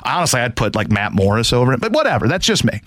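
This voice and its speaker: Animated male sports radio host. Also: medium pitch, fast, dry recording. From St. Louis area. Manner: animated storytelling with shouted asides. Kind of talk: sports talk radio monologue.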